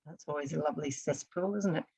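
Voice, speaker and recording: A woman's voice: low-pitched, fast talker, vocal fry, warm tone, breathy edge, no echo, rough recording. A woman, a counselor talking earnestly on a podcast and explaining with restarts and asides. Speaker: guest, counselor. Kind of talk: casual podcast conversation.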